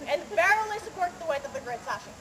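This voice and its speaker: Her voice is very high-pitched, animated and quick as she tells a tall tale during a comic slackrope show at a renaissance faire. She keeps up theatrical patter and pokes fun at the audience. The clip comes from an outdoor fair stage, with a noisy crowd audible throughout.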